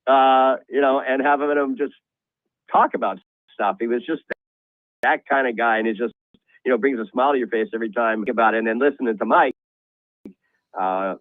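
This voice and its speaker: A middle-aged man telling a horse racing office story on a call-in show, halting and rambling with many restarts. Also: medium pitch, no room sound. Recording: tinny phone line.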